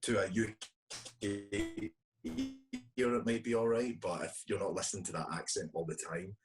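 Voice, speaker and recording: A man's voice: lowish voice, big pitch swings, moderate pace. A Scottish man, a guest actor, chatting casually and hesitantly in an interview, with many restarts. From Scotland. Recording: distant from the mic.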